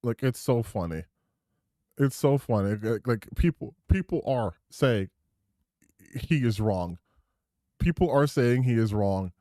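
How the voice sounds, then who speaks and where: A man's voice: medium pitch, animated, measured pace, long pauses, mellow, no echo. A man streaming reaction commentary over clips, indignant and sarcastic, swearing freely into a close desk mic.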